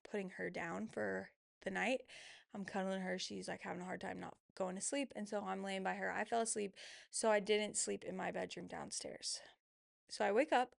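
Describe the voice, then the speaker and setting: A woman's voice: mid-range voice, vocal fry, no echo, studio quality. A young woman in her twenties hosting a podcast, telling a personal story in a candid, emotional, casual way, with lots of "like" fillers. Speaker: podcast host.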